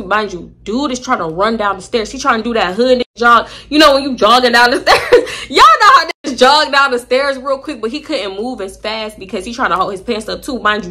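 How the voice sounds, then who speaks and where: Brief: young woman, slightly high and bright, animated storyteller for a vlog. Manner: animated, acts out quoted voices, addresses viewers as y'all.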